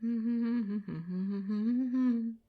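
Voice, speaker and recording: A woman's voice: a little high, drawn-out words, phone-quality sound. A woman chatting casually while playing a game, rambling through stories and laughing often. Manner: rambling anecdotes with frequent laughter. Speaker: gaming video creator. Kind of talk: casual let's-play chat.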